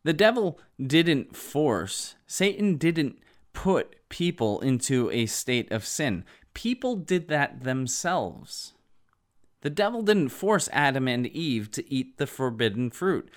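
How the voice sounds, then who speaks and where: A man preaching a sermon, earnest and emphatic, with halting asides. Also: a little high, big pitch swings.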